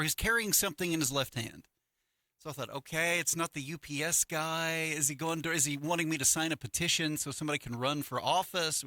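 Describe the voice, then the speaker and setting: Speaking into a studio microphone in a radio studio, this middle-aged morning radio co-host has a fairly high-pitched voice and there's no room sound. He chats casually, telling lively stories and performing the voices of the people he quotes.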